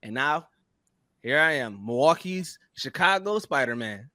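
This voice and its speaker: A man co-hosting a podcast, telling a comic story in a halting way with frequent restarts. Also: medium pitch, animated, bright, forceful tone, dry recording. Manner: halting, restarts, earnest build-up. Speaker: podcast co-host. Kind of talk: comedic improvised storytelling.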